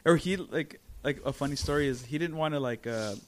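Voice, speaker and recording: A man chatting casually on a podcast as a guest, an excitable storyteller who swears freely and acts out other people's lines. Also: on the high side, a little fast, a little hiss or hum. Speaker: guest, former podcast host.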